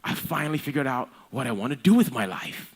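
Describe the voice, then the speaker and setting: A man's voice: medium pitch, very animated, fast, slightly rough, voice pushed up. Man doing an eager gushing son. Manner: gushing, breathless enthusiasm. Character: eager young son gushing about his dream.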